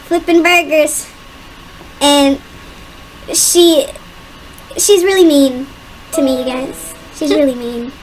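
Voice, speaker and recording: Giggly high-voiced young woman. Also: slow, pauses often, darkish tone. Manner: giggly, self-mocking, rambling. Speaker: storyteller. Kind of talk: casual storytelling while drawing.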